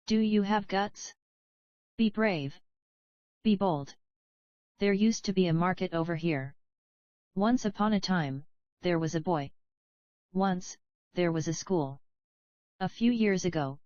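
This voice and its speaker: Woman reading lesson phrases one by one, very unhurried pace, dull-sounding audio. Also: fairly low pitch, a little mellow, no room sound. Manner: reads short phrases one by one with pauses. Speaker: English phrase reader. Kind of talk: slow read-aloud phrase drills.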